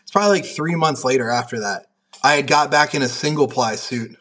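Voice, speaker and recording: A young powerlifter and referee talks briskly in a medium-pitched, fairly bright voice. As a guest on a casual podcast, he tells rambling stories laced with profanity and heavy use of "like."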